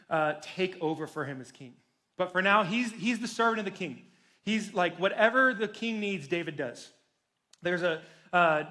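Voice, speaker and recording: A man's voice: high-pitched, fairly bright tone. A young man preaching to teenagers as a youth pastor, telling a story casually and with energy, adding jokes. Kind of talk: sermon to teens.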